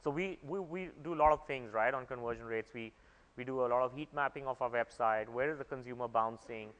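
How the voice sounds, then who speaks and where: A man's voice: medium pitch, a little fast, fairly bright tone, dull audio. A man speaking at a conference, explaining at length and often restarting his phrases. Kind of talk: conference talk. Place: conference hall. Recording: echoey conference hall.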